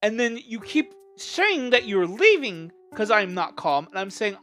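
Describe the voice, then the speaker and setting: A streamer venting to a livestream chat, impassioned and exasperated, trying to stay measured while upset. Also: mid-range voice, big pitch swings, sharp tone, soft background music.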